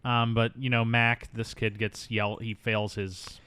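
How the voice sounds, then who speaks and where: A man's voice: medium pitch, little pitch movement, a little slow, bright, forceful tone, clean tone, no echo. A man hosting a casual movie review podcast, rambling and jokey, now and then slipping into silly voices. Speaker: podcast host.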